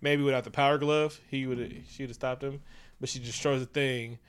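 A man's voice: medium pitch, steady tone, moderate pace, smooth. A man retelling a movie's plot in casual, profane chat, jumping into characters' lines as he goes.

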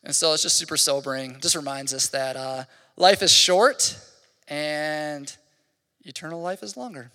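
A fairly high, bright and forceful male voice, a pastor in his thirties talking through a sermon in a loose, chatty way full of "like". His voice rings out with a long reverb in a church hall. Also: vocal fry. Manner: casual, rambling, heavy use of "like". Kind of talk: conversational sermon.

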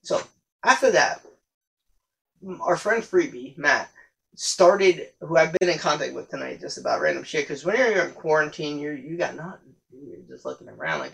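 Young man, podcast host, gravelly, rambling, profane, casual monologue. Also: fairly high pitch, very animated, brisk, a bit bright, rough recording. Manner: rambling, profane, self-correcting.

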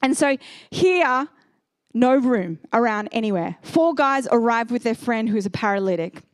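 A woman preaches with a high, bright voice, telling stories with lively energy. The sound is close and dry. She slips into the voices of the people in her stories. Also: moderate pace, no room sound. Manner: animated storyteller, acts out characters. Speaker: pastor. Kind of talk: sermon.

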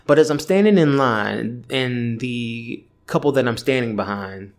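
A man's voice: mid-range voice, a little slow. A man in his thirties hosting a podcast alone, telling a rambling, profane story in casual chat. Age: 30s. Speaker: podcast host. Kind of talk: casual solo rant.

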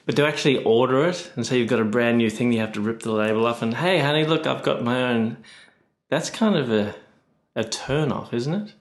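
A man's voice: medium pitch, lively intonation, a little fast. A man with an Australian accent, a guest correspondent joking cheekily through a casual chat.

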